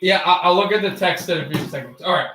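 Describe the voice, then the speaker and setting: A man's voice: high voice, quick pace, fairly bright tone, roomy sound, rough recording. Stammering young man calling hockey. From United States. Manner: stammering, repeats words and restarts often. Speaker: livestream hockey commentator. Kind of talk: casual play-by-play commentary.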